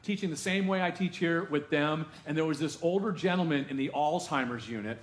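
A male pastor delivers a lively, conversational sermon, tossing rhetorical questions out to his congregation. His voice sits a little high for a man. The sound carries the roomy echo of a church sanctuary. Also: a little fast.

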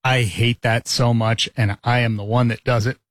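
A man's voice: mid-range voice, steady tone, normal speed, no room sound, studio quality. A man in his forties co-hosting a casual podcast, easygoing and telling little stories about himself. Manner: easygoing, storytelling. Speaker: co-host.

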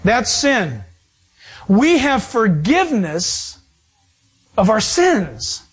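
A man preaching a sermon in a fairly high voice. He swings up and down in pitch as he preaches, leaning into joking asides. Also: wildly swooping pitch, extremely slow, slightly rough. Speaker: pastor.

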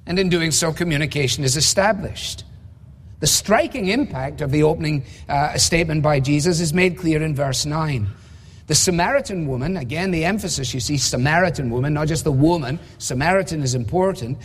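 A man delivers an expository sermon from the pulpit, measured and emphatic, often asking rhetorical questions. His voice sits somewhat high for a man. Long reverb from a large hall trails after each phrase. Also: husky. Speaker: preacher.

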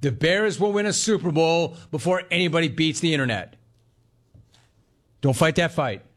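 A man's voice: a little high, expressive, normal speed, a bit bright. A middle-aged man hosting a sports talk radio show, delivering an emphatic, punchy monologue full of repetition.

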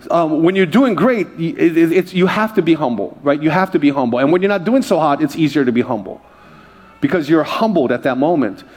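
A man's voice: on the high side, animated, a little fast, slightly rough, in a large hall. A pastor from Hawaii preaching a sermon, joking with the congregation in a conversational way and often restarting his sentences. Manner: jokey, conversational, with frequent restarts. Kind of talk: sermon with storytelling. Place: church service before a congregation.

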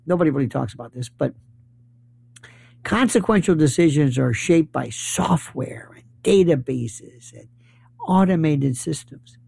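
Gravelly-voiced sarcastic male commentator. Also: high-pitched, dark tone, no room sound. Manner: rambling, sarcastic, list-driven. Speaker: political commentator. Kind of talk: political commentary monologue.

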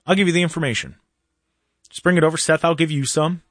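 A man hosting a casual talk show, ranting in an animated way and often restarting or repeating words. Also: a little high, quick pace, no room sound, studio quality. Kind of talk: casual opinionated chat.

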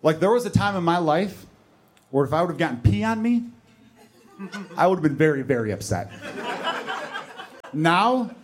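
A man's voice: a little high, sing-song, moderate pace, long pauses. A man in his thirties performing a stand-up comedy set on a club stage, telling stories in a conversational, self-deprecating way.

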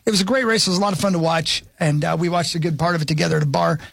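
A man's voice: a little high, steady tone, racing, gravelly, no echo. A man co-hosting a casual podcast, talking enthusiastically and rambling a little. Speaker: podcast co-host. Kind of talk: casual banter.

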